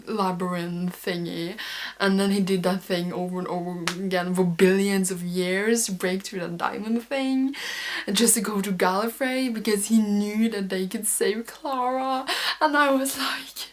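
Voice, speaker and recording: A woman's voice: mid-range voice, fairly even intonation, unhurried. A young woman vlogger chatting casually, gushing and rambling with lots of sighs and fillers. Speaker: fan vlogger. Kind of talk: casual chat.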